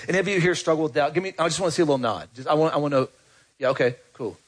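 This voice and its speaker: A man's voice: a little high, expressive, very fast, breathy edge. A man preaching a conversational sermon to his congregation as their pastor, asking them questions and urging them to respond. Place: church.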